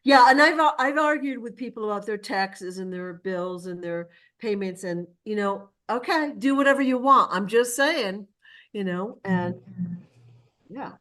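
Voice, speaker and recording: Slow-talking agreeable woman. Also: medium pitch, expressive, a bit bright, distant mic. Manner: agreeable, short affirmations.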